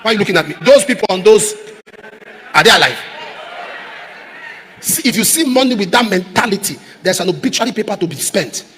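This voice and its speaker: A man preaching a sermon as pastor, repeating refrains and rising to shouts. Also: sits high, lively intonation, fairly quick, long pauses, some chatter behind, slight background noise. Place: large church auditorium. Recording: echoey church hall.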